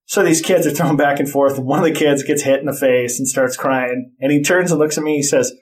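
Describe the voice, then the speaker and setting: A man's voice: fairly high pitch, steady tone, a little fast. A middle-aged man in casual chat, telling blunt, profane stories about parenting.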